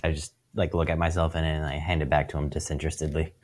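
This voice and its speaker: Deep-voiced thoughtful man. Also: flat delivery, fast, a little mellow. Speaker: player. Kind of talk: tabletop game chat.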